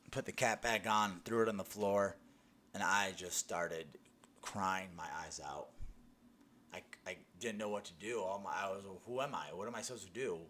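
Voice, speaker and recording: A man's voice: low voice, bright, forceful tone, a little hiss or hum. Earnest young man telling his story. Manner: earnest storytelling, many restarts and "you know"s. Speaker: testimony speaker. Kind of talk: personal faith testimony.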